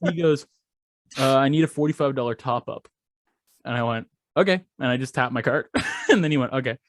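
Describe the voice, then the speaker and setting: A man's voice: medium pitch, a little fast, no room sound. Young male podcast co-host, casual storyteller, swears freely, mid-range voice, dry close sound. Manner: animated, profane, acts out quoted voices.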